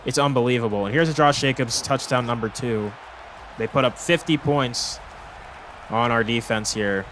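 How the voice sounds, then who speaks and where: A man's voice: mid-range voice, a bit bright, slight background noise. A young man commentating his own football video game, exasperated and swearing as he rambles through complaints. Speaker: gaming commentator. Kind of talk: frustrated gameplay commentary.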